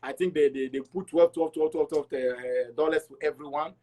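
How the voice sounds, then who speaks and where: A middle-aged man from Togo, an interview guest, telling his travel story in an animated way and acting out the dialogue. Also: on the high side, normal speed. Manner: animated, acts out dialogue with repeats.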